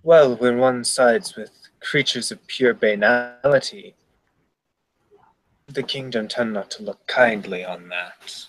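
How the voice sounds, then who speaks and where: A man voices a haughty noble knight in a tabletop game. The knight speaks slowly and coolly, with measured disdain and a mid-range voice. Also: mid-range voice, fairly bright tone, low-quality recording. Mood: disdainful. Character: haughty noble male knight, cool and formal.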